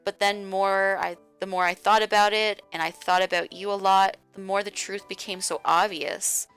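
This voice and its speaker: A woman's voice: fairly low pitch, steady tone, measured pace, bright, forceful tone, clear, resonant tone, faint music behind. A woman voicing an obsessive, tearful young woman who clings to the one she loves and pleads with him. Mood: adoring.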